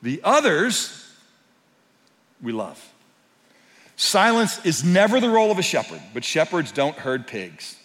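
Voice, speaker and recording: A pastor preaches to his congregation with a voice pitched somewhat high for a man. He moves from hushed, intimate lines to loud, driving emphasis. His voice rings out with a long reverb tail, as in a large church hall. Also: big pitch swings, a little slow, long pauses. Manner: dynamic preaching, swinging from soft to loud. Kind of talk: sermon.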